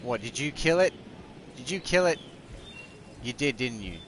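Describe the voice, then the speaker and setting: A man's voice: medium pitch, animated, normal speed, fairly bright tone, a little hiss or hum. A man, chatting casually and rambling while live-streaming a game at home. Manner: rambling, chatty, talks aside to family.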